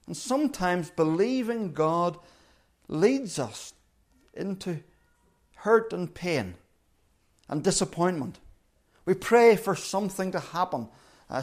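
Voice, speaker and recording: A male preacher with a high voice that climbs and falls in wide, lively sweeps. He speaks earnestly and often drops to a hush or rises sharply as he acts out quoted lines. A light colours his words. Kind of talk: sermon.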